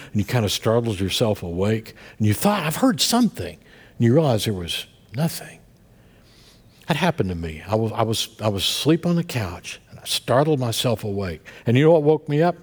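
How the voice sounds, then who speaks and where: A husky-voiced middle-aged man preaching from the pulpit. He tells his story in a conversational way that drops to a hush and then rises to a shout, and the sound carries a long church reverb. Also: medium pitch, big pitch swings, a little fast. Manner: storytelling preacher, swings from soft murmurs to loud outbursts. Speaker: pastor. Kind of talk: sermon.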